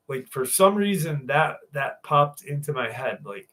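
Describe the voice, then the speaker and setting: A man's voice: fairly high pitch, measured pace, hardly any pauses, fairly bright tone. An American man telling a personal encounter story in casual, profane, rambling speech full of fillers and restarts.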